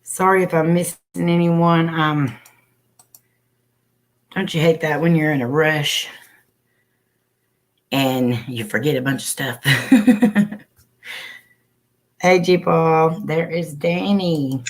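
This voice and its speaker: A woman's voice: sits low, slow, pauses often. Chatty woman hosting a livestream. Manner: chatty, greets viewers by name. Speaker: livestream host. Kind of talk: casual livestream chat.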